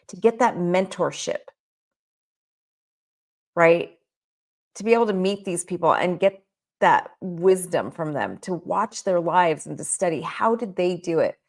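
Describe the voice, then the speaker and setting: A woman's voice: on the low side, gravelly, a little mellow. A woman coaching child care business owners in a motivational talk, emphatic and full of repeated rhetorical questions.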